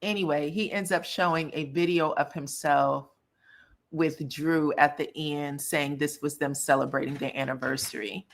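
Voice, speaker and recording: A woman's voice: low-pitched, steady tone, moderate pace. A woman hosting casual pop culture commentary, sassy and blunt, cussing freely as she reacts.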